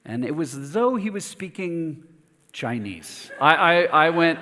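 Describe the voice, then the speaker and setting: A pastor preaching a sermon, telling a personal story in an animated, self-mocking way with lively asides. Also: male voice, fairly high pitch, measured pace. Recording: long reverb of a church hall.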